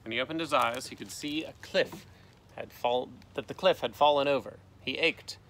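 Bright-voiced man reading a storybook. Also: medium pitch, normal speed, slight background noise. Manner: lively voices for characters, gentle sign-off. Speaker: teacher reading aloud. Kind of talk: storybook read-aloud. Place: outdoors in a canoe.

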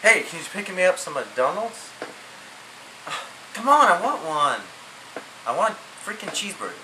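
A whiny young man alone at home, grumbling and muttering to himself, as a young actor plays him. His voice swings up and down, and he talks slowly. It sounds like a noisy amateur home video with a steady hiss behind him. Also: mid-range voice. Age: young adult. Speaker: actor in an amateur short film.

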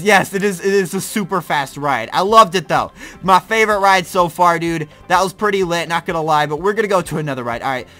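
Young guy doing hyped gameplay commentary, high bright voice, slangy, laughs a lot. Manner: excitable, slangy, reacts loudly to rides and laughs often. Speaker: gaming YouTuber. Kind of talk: casual let's-play commentary.

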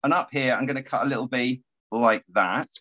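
A man guiding a paper craft tutorial, chatty and quick to laugh. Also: medium pitch, muffled recording. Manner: animated, giggly and chatty. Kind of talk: casual craft tutorial chat.

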